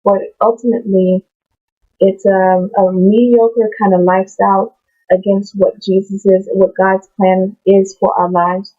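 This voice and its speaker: A woman's voice: mid-range voice, level tone, unhurried. Rambling woman reading and discussing scripture. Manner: rambling, digresses and restarts. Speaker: Bible-reading vlogger. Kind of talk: casual Bible reading and commentary. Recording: tinny phone-like sound.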